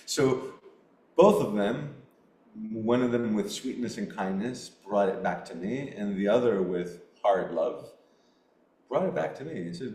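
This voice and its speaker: A middle-aged man, a podcast guest, telling a personal story in an earnest, halting way with many restarts. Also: lowish voice, expressive, darkish tone. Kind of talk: storytelling in a casual interview. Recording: roomy echo.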